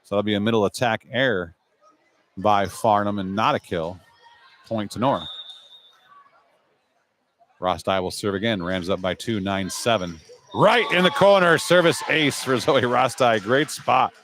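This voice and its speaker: A man doing live play-by-play commentary as the show's announcer, brisk and chatty, with casual asides between rallies. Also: fairly low pitch, fairly bright tone, slight background noise.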